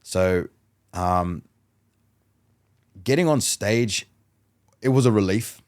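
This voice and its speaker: A low-pitched man talks in a relaxed podcast chat. He tells lively stories and slips into other people's lines as he goes. His voice sits deep and steady under the anecdotes. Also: slow pace. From Australia. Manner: animated storyteller who acts out dialogue. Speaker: guest mentalist. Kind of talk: casual podcast conversation.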